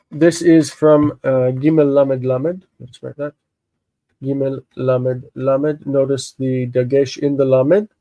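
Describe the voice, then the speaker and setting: A man with congested sinuses, slowly explaining a Bible text in a live lesson, halting and thinking aloud with many fillers. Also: medium pitch, warm tone, dry recording, dull audio. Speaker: Hebrew teacher.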